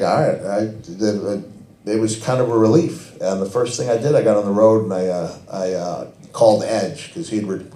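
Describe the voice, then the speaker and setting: Animated middle-aged man telling stories. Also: sits low. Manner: animated, laughs often, many restarts and fillers. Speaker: guest at a fan Q&A event. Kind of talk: anecdotal storytelling. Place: event hall with audience. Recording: echoey event hall.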